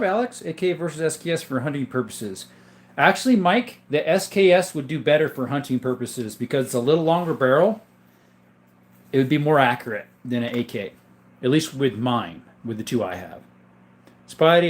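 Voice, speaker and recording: A man hosting a casual livestream, easygoing and rambling as he reads out chat names; he is sick and coughs now and then. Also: mid-range voice. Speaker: livestream host showing his gun collection.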